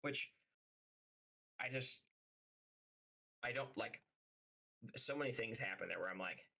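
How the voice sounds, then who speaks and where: A man's voice: mid-range voice, takes it slowly, gravelly, bright, forceful tone, low-quality recording. A man streaming live, telling a story as a heated, profane rant full of fillers. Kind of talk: casual livestream rant.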